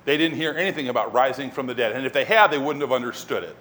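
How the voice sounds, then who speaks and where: A man preaching a sermon as pastor, telling the story in an animated way and acting out scenes. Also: medium pitch, fast talker, a little hiss or hum.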